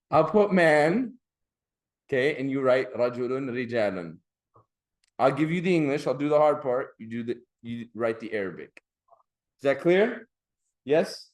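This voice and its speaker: A man's voice: mid-range voice, animated, measured pace, long pauses. Man teaching Arabic grammar in class. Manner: explains patiently, drawing out Arabic word endings. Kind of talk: classroom lecture.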